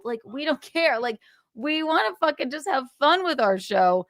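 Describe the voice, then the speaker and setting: A woman's voice: sits high, sing-song, normal speed, a bit bright, no room sound, studio quality. A woman hosting a livestream, ranting in a sarcastic, profane way and laughing between jabs. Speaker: livestream host.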